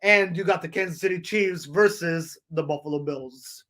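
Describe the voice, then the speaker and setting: Rambling high-voiced male sports podcaster. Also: normal speed. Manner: rambling, frequent fillers and restarts; addresses listeners as folks, ladies and gentlemen. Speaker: podcast host.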